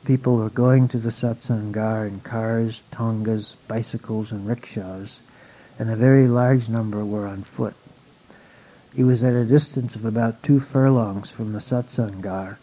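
A man calmly reading a spiritual story aloud at a measured pace. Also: on the low side. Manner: calm, measured. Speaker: reader. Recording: dull lo-fi recording.

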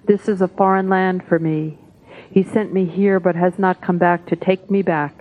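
A woman reading devotional texts aloud at a spiritual gathering, in a measured, solemn way. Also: on the low side. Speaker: satsang reader. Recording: tinny phone-like audio.

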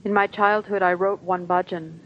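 A woman with a fairly low voice reads devotional text slowly and reverently. The recording sounds dull and lo-fi, with a faint hiss behind her. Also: fairly even intonation. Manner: slow, devotional reading. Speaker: satsang reader. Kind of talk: reading translated talk and hymn text aloud.

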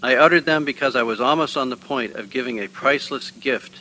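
A man voicing a wise, kind older Sufi master who speaks quietly and gently, in a read-aloud spiritual tale. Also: mid-range voice, fairly quick, a little hiss or hum, close to an everyday voice, low-quality recording. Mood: gentle. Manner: calm, gentle.

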